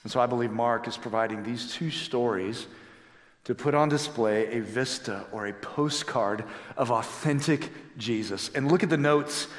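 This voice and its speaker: A man's voice: mid-range voice, fairly bright tone. A middle-aged man preaching a sermon as a pastor, telling stories with emphatic delivery. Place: church sanctuary. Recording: echoey hall with long reverb.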